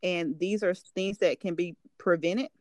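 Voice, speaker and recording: A woman's voice: lowish voice, steady tone, a little slow, darkish tone, no room sound. A woman hosting a faith podcast, affirming and encouraging her guest in casual talk. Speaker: podcast host.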